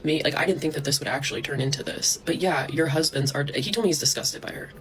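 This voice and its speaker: A woman's voice: low-pitched, quick pace, a bit bright, a little hiss or hum, rough recording. A woman vlogger delivering a heated, profane rant to camera, breaking into scornful laughs. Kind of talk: ranting monologue to camera.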